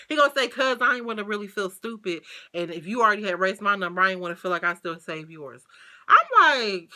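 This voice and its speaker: A woman, telling a casual storytime. She is chatty and animated, uses lots of slang and fillers, and keeps talking to her viewers. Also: mid-range voice, fairly quick. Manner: slangy, swears freely. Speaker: vlogger.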